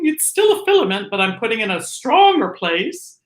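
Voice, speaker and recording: A woman giving a breathing lesson, speaking gently and reflectively and singing lines of a song between her remarks. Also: on the high side, sing-song, normal speed, reverberant, soft background music, poor audio. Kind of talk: breathing lesson with sung demonstration.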